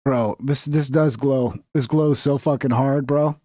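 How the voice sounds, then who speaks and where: A man's voice: mid-range voice, fairly even intonation, unhurried, dark tone, dry recording, studio quality. A young man streaming casual commentary over a video, rambling and profane, with conspiratorial asides.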